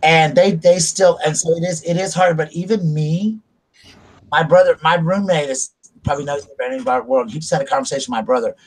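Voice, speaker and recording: A middle-aged man from South Carolina hosts a casual chat, speaking quickly in a fairly high voice. He's open and confessional, rambling about family and feelings.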